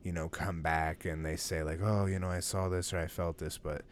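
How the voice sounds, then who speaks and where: A man's voice: low voice, little pitch movement, normal speed, slight background noise. A man chatting casually as a podcast co-host, rambling loosely with plenty of fillers and swearing. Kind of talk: casual chat.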